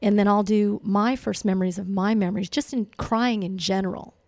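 A woman's voice: mid-range voice, steady tone, fairly quick, darkish tone, no room sound, studio quality. A woman hosting a casual conversation, reflective and encouraging as she shares a personal story. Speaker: host.

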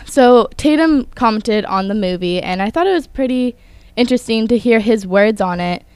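A young woman hosts an entertainment news show on the radio, moving through her stories in a chatty way and adding casual opinions as she reads. Her voice is smooth and clean. The sound is close and dry, with no room around it. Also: on the high side, lively intonation, normal speed, a little mellow, no room sound. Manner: chatty, reads from notes with asides. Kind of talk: scripted entertainment news talk.

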